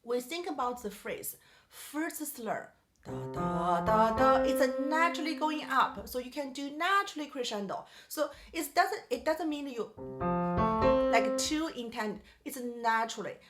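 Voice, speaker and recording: Her voice is high-pitched and expressive, moving at a moderate pace. In a piano masterclass with piano playing in the background, she sings melodic lines on syllables and poses questions to her student in simple English.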